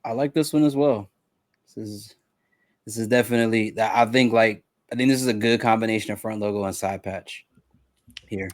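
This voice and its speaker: A relaxed man co-hosting a casual recap chat. He has a lowish voice and an agreeable, easy way of adding short comments. The sound is dry and close. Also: a little fast, dry recording. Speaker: co-host.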